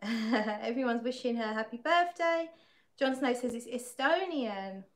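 A woman's voice: a little high, a little slow. Woman, casual livestream chat, talkative, laughs often, reads comments aloud. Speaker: fragrance livestream host.

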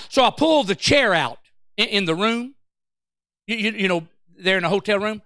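Man preaching, high voice, forceful, dry close sound, call and response. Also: expressive, moderate pace, no room sound. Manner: fervent, calls out to the congregation; shifts from shouting to low storytelling. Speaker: pastor. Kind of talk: sermon.

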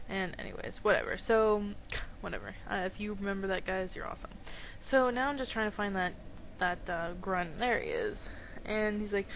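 A woman's voice: mid-range voice, expressive, normal speed. A young woman giving rambling, giggly let's play commentary at home on a dull, lo-fi mic. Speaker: gamer. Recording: dull lo-fi mic with faint noise.

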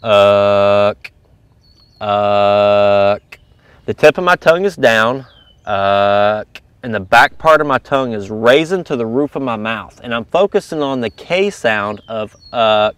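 A man's voice: mid-range voice, expressive, brisk, few pauses, bright, forceful tone, dry recording. A man teaching goose calling in a casual, step-by-step coaching manner. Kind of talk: instructional video lesson.

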